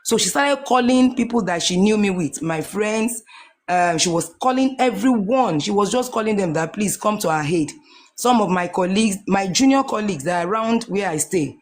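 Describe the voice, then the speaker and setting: A woman's voice: fairly low pitch, a little mellow. A Nigerian woman in her forties giving an emotional personal testimony, earnest and repeating her phrases as she goes. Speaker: guest sharing a testimony.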